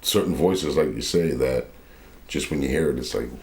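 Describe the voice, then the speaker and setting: A man with a Nova Scotian accent and a deep, bassy, raspy voice, chatting loosely as an interview guest. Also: normal speed, a little hiss or hum. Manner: laid-back, loose and rambling. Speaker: rapper and voice actor guest. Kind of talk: casual interview chat.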